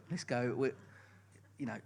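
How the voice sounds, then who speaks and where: A man's voice: medium pitch, expressive, slow, vocal fry, darkish tone, slight background noise. A man from Essex with an Essex accent, hosting a live podcast and asking loose, rambling questions. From England, Essex. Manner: loose, rambling questions with fillers, laughs easily. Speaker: podcast host. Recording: faint background ambience.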